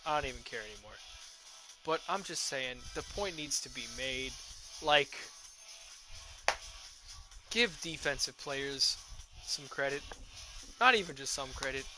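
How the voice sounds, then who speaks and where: Over music, a young gaming streamer speaks in a medium pitch, unhurried and pausing often, on a rough recording. He's tipsy from drinking, swears a lot into his headset mic, and keeps up a rambling, excitable, profane rant as he plays.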